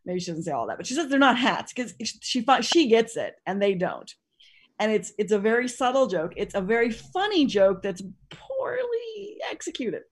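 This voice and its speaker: Chatty woman with a slightly high voice. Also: very animated, normal speed, slightly rough. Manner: rambling, profane, full of restarts. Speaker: podcast co-host discussing costumes. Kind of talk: casual chat.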